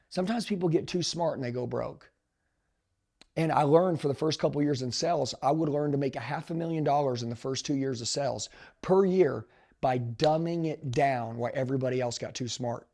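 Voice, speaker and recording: A man in his forties, a sales trainer, telling a story in an emphatic, animated, slangy way and calling his listeners dude. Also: on the high side, normal speed, creaky. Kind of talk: motivational storytelling.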